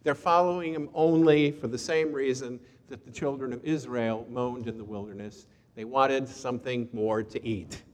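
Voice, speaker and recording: A man's voice: medium pitch, steady tone, moderate pace, hardly any pauses. Episcopal priest guy preaching, casual and folksy, big echoey church. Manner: conversational, storytelling, folksy asides. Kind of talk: sermon. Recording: long reverb in a church hall.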